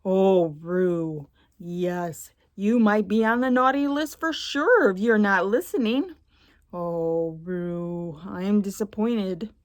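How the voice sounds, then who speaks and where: A woman's voice: mid-range voice, slow pace, no echo, studio quality, lightly acted. A woman playing a jolly old Santa, reading a storybook aloud with ho-ho asides and playful teasing.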